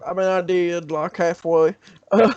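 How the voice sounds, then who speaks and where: A man's voice: sits high, steady tone, measured pace, darkish tone, clean tone. A man co-hosting a podcast, chatting casually about politics in a rambling, hesitant way with frequent laughs. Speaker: podcast co-host. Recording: dry, dull lo-fi sound.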